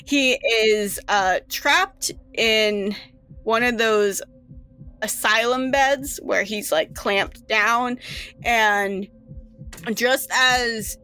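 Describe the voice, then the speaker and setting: A woman's voice: fairly high pitch, very slow, sharp tone, clear, resonant tone. A woman running a tabletop game, narrating the scene with lots of fillers and laughs. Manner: laughing, filler-heavy storytelling. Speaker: game master.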